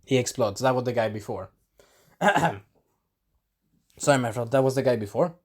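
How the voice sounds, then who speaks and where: A man giving a casual spoken episode recap, animated and breaking into character voices, clearing a scratchy throat. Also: moderate pace. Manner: animated, acts out characters in sudden high voices. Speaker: video reviewer.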